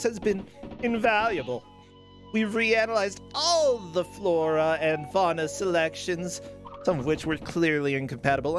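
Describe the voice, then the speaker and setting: A man voicing a genteel, fussy elderly park founder, reading a letter in a pompous old-fashioned way. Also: high voice. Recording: game music playing behind.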